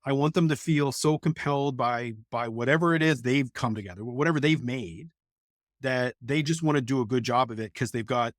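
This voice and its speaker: In a casual interview, a middle-aged education professor talks briskly in a mid-range voice as a guest, candidly and bluntly recounting stories from his classes. The audio is studio quality, with no room sound.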